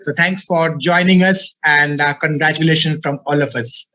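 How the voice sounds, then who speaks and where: A man's voice: a little high, steady tone, normal speed, sharp tone, low-quality recording. A man who heads the college, giving formal, effusive welcomes over a video call, with frequent "uh" fillers and repeated words. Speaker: college CEO.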